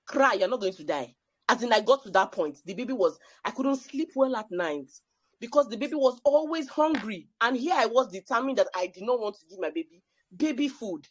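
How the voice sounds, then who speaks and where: A woman's voice: on the high side, animated, a little fast, no room sound. A woman sharing a personal story at a panel, emphatic and repeating phrases for effect. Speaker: panel speaker.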